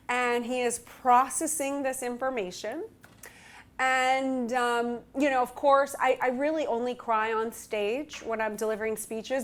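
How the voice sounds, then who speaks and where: A woman speaker candidly telling a personal story in an animated, self-mocking way. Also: on the high side. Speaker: relationship speaker.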